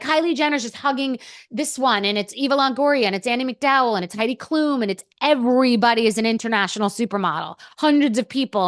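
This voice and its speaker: Brief: a rambling, blunt podcast guest. She is a woman with a fairly high voice and a dry close mic, and she swears freely. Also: fairly bright tone, no echo. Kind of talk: candid storytelling chat.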